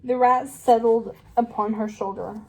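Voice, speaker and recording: A woman reads a children's novel aloud at a slow, careful pace, now and then stumbling and starting a word over. Her voice is mellow and fairly high. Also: fairly even intonation, lo-fi sound. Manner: slow and careful, with small slips and restarts. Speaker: reader.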